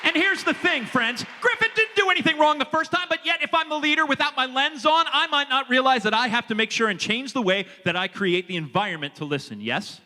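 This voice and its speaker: A man with a high, sharp, bright voice delivers an energetic leadership talk to a room of students. He talks to the audience directly and works them up. The sound carries a long reverberation from a big hall. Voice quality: energetic, animated and audience-engaging. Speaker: leadership speaker.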